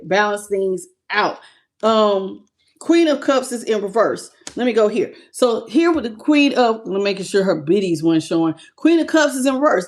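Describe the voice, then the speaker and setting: Tarot reader, woman, slightly high pitch, loose and chatty, calls viewers "baby". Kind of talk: casual livestream tarot reading.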